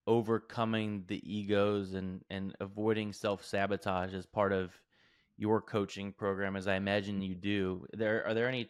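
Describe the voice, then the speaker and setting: Low smooth guy hosting a podcast, dry close sound, lots of "i love that" energy, asks stuff. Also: no echo. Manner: affirming, asks questions. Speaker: podcast host. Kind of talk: casual podcast interview.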